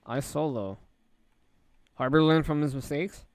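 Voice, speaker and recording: A man's voice: fairly high pitch, unhurried, darkish tone. A young man playing a shooter game with a friend, laughing often as he teases and reacts. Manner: giggly and teasing, laughing between remarks. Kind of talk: casual gaming chat.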